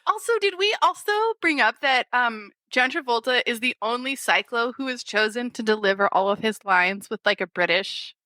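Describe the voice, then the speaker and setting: A woman co-hosting a comedy podcast, recapping a movie in a casual, animated way and laughing often. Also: fairly high pitch, moderate pace, few pauses, no room sound, studio quality. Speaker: podcast co-host.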